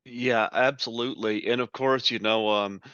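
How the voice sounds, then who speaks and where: A man hosting a podcast, asking interview questions in a halting way. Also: medium pitch, fairly even intonation, pushed and bright, clean tone, highs cut off. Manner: halting, with fillers. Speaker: podcast host.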